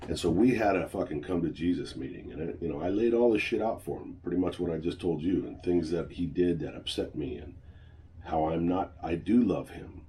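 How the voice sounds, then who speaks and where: A man's voice: sits low, normal speed, warm tone. A middle-aged man telling a personal story in a blunt, swearing, venting way. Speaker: channel host. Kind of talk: personal vlog monologue.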